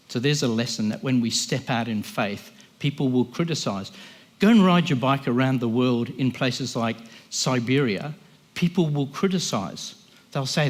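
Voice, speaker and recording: A man's voice: mid-range voice, normal speed. A man giving an impassioned, emphatic sermon as a guest speaker, often voicing the people he quotes.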